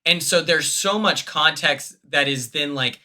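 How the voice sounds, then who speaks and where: A man hosting a casual livestream chat, telling stories quickly and excitably with lots of fillers. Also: fairly high pitch. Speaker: streamer host.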